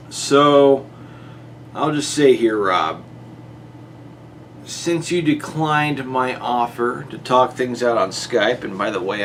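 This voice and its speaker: A man's voice: mid-range voice, a bit bright, a little hiss or hum. A man delivering an exasperated monologue to a rival YouTuber, his voice jumping up on rhetorical questions. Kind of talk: monologue to camera.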